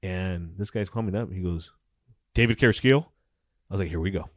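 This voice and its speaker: A man's voice: low-pitched, steady tone, fast talker, dark tone, no echo, clean studio sound. A middle-aged man and former police officer telling stories in a casual interview, swearing often and acting out the dialogue with animation.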